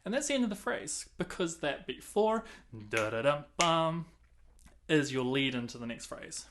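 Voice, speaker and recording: A man's voice: fairly high pitch, sing-song, fairly quick, soft background music. A man teaching clarinet, counting and singing rhythms aloud between casual explanations. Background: clarinet playing between talk.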